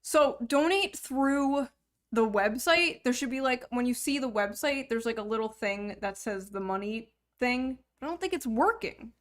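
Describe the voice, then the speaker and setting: Young woman streamer, higher voice, crude and joking casual chat. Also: expressive, a little slow. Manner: crude, joking, swears freely. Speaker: livestream host.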